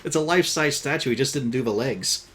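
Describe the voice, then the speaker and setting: A man's voice: mid-range voice, quick pace, noisy background. A man narrating and refereeing a tabletop game in a casual, joking way. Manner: casual, swearing, laughing between calls. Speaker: dungeon master.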